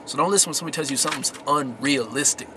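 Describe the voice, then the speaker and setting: A man with a mid-range voice races through casual motivational tips for his viewers, with noise in the background. His to-camera success talk is slangy and emphatic, and he keeps circling back to the same key words.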